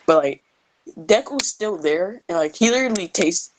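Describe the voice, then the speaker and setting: A young woman improvises a fan story in a loose, rambling way. Her voice sits slightly low for a woman. She leans on fillers as she goes and keeps it casual throughout. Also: animated, moderate pace, slight background noise, rough recording.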